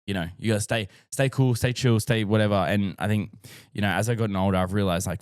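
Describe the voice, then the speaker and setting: A man's voice: fairly low pitch, fairly even intonation, quick pace, clean tone, dry recording, clean studio sound. An Australian man and dad talking casually to camera, rambling and heartfelt, swearing often and filling with "like". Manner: rambling, sweary, says "like" a lot; openly emotional and heartfelt. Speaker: dad vlogger.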